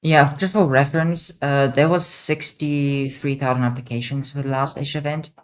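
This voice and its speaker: A woman's voice: rumbling low, steady tone, normal speed. Rambling young woman answering chat. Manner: rambling, repeats words, many ums. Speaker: streamer host. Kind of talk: casual livestream Q&A.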